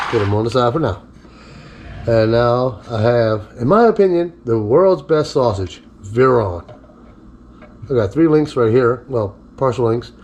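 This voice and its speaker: A man's voice: medium pitch, a little mellow, a little hiss or hum. A man giving a casual cooking demonstration in his home kitchen, chatty and easygoing, and talking to his dog between steps. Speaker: cooking vlogger.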